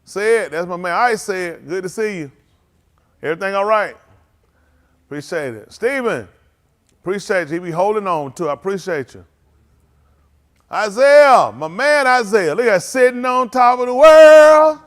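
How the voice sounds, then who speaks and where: A man's voice: high-pitched, animated, normal speed, long pauses, fairly bright tone. A man, leading a congregation and greeting livestream viewers by name in a joking, teasing, casual way. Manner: joking, teasing, calls out names.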